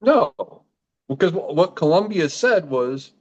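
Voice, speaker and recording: A man from Iowa who is a guest on a podcast, chatting in an easygoing, animated way. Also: a little high, moderate pace, dull audio. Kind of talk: casual podcast chat.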